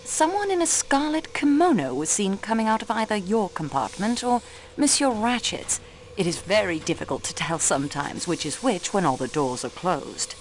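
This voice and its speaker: Calm, formal French woman sleuth voiced by an actress, game role, expressive lilting delivery. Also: mid-range voice, normal speed, slight background noise, natural voice. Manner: calm, polite, formal questioning. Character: composed French female investigator. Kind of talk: video game voice acting.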